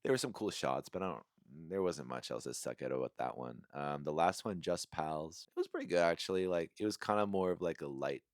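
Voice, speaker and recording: A man with a low voice rants casually about movies, rambling through fillers and frequent chuckles. He gets emphatic when he lands on a complaint. The sound is close and dry. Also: a little fast, hardly any pauses, no echo. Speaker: movie reviewer.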